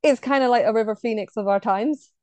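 A woman's voice: on the high side, a little fast, darkish tone, dry recording. A woman co-hosting a podcast in casual chat, talking with gushing enthusiasm and laughing often. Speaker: podcast co-host.

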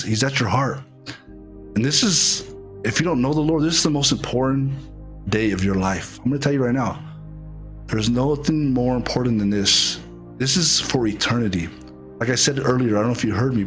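Halting, heartfelt preacher man. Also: mid-range voice, fairly bright tone. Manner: halting, repeats words, heartfelt. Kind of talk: online sermon with altar call.

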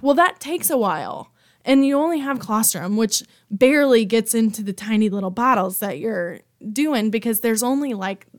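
A woman's voice: fairly high pitch, lively intonation, moderate pace. A woman guest on a podcast, chatting candidly and casually, with the odd curse word. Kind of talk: casual chat.

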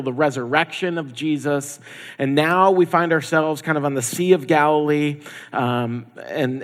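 A pastor giving a conversational sermon, acting out the people in the story in quoted voices. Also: male voice, on the high side. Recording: long hall reverb.

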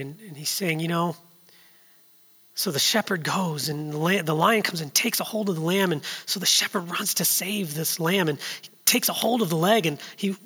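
A man in his thirties preaching a sermon, telling a story that builds from hushed to loud and urgent. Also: fairly high pitch, breathy edge, big-room sound.

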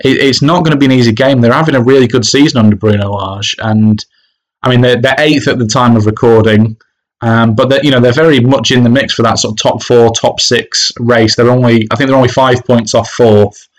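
Speaking briskly in a steady, mid-range voice, a man who loves football co-hosts a casual podcast about the sport. Hesitation marks his talk, with lots of restarts and fillers, and the audio is poor.

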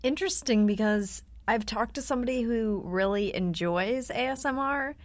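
A young adult woman co-hosting a podcast in casual chat, relaxed with dry teasing. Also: on the high side, normal speed, dry recording. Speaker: podcast co-host.

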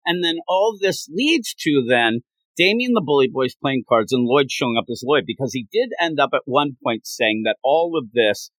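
A man's voice: mid-range voice, no echo, rough recording. A man hosting a podcast, chatting casually about a comic and acting out its lines with laughs. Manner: animated retelling with quick acted quotes and laughs. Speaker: podcast host. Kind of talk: casual manga discussion.

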